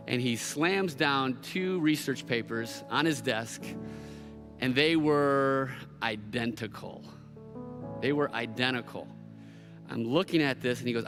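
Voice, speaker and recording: A middle-aged man preaching a sermon from a church stage, telling a personal story and acting out the voices in it with lively, animated delivery. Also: mid-range voice, moderate pace, in a large hall, faint music behind. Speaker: pastor.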